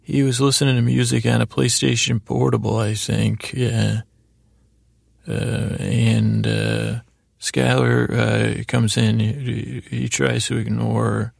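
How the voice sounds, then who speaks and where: A man with a gravelly, heavily fried voice rambles through a bedtime podcast recap, stopping and restarting often. His delivery stays level and flat. The sound is dry and close, with no room around it. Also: mid-range voice, dry recording. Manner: halting, full of fillers and restarts. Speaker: podcast host.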